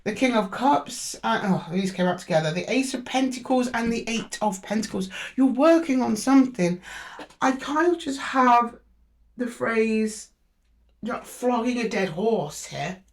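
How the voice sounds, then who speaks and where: On the high side and with lively intonation, this woman's measured voice guides a tarot reading to camera aimed directly at the zodiac sign. Drawing cards, she reasons aloud and repeatedly stops and restarts.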